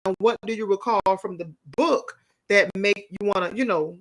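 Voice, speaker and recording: A woman's voice: mid-range voice, normal speed, rough recording. A woman co-hosting a casual podcast discussion, playful and teasing as she recounts things and asks questions.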